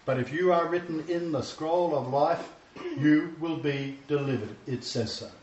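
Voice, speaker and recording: A man's voice: fairly high pitch, measured pace, a little mellow, slight background noise. A man preaching a sermon lecture, emphatic and repeating his key phrases. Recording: distant, roomy, dull sound.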